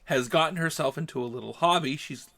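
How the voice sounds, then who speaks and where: Male podcast host, storyteller, slightly higher voice, acts out the lines. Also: quick pace, vocal fry. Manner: animated, acts out dialogue, gets heated. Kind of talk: casual storytelling chat.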